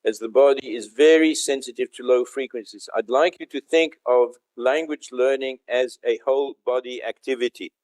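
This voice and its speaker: A man's voice: mid-range voice, normal speed, hardly any pauses, a little mellow. An older male professor delivers an online conference lecture. He explains each point patiently and stops now and then to check that his listeners can hear him. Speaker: professor giving a conference talk.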